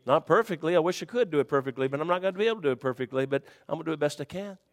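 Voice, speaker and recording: In a large hall, a man delivers an animated, rapid-fire sermon with a folksy, conversational feel. He drops to quiet murmurs at times and rises to high shouts at others.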